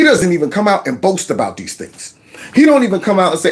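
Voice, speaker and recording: Commentary host, man with a slightly high voice, sarcastic and mocking. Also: huge pitch swings, a little fast. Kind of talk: casual political commentary.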